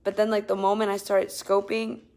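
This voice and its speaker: A young woman streams from her phone in a shared apartment while feeling nauseous. She chats casually with viewers, her voice swinging from sudden loud bursts to low, weary murmurs. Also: flat delivery, normal speed, vocal fry. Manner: chatty, drifting between loud outbursts and tired murmurs. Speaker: live streamer. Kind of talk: casual live-stream chat reading comments.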